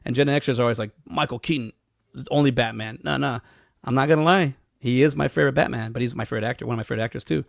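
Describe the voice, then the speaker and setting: A man in his thirties, co-hosting a podcast in casual chat, telling stories quickly and swearing freely. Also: medium pitch, fairly even intonation, gravelly, no echo, clean studio sound. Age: 30s. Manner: fast, swearing, storytelling. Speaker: podcast co-host.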